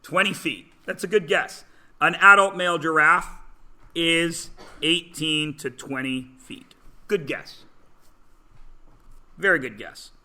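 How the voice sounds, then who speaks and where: A man's voice: on the high side, takes it slowly, long pauses, sharp tone. A man teaching a math class, joking about himself and prodding students to guess answers. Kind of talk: classroom lecture.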